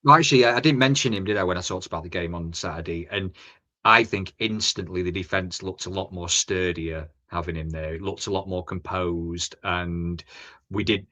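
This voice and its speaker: A man's voice: low voice, fairly quick, bright, forceful tone. A man, co-hosting a podcast in a chatty, rambling football chat full of restarts and tag questions. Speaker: podcast co-host.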